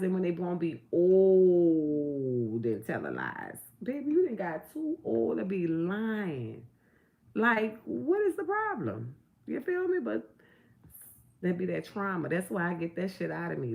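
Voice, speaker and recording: Gravelly blunt middle-aged woman. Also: on the low side, darkish tone. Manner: preachy, blunt and profane, full of rhetorical questions. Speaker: vlogger. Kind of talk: casual talk to camera.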